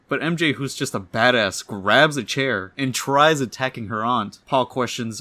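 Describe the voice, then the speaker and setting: A man summarizes a comic issue panel by panel in a relaxed, conversational way. He drops blunt personal asides and reads the dialogue aloud with his voice lifted. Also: medium pitch, moderate pace, hardly any pauses. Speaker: comic book reviewer. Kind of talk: casual comic recap, reading dialogue aloud.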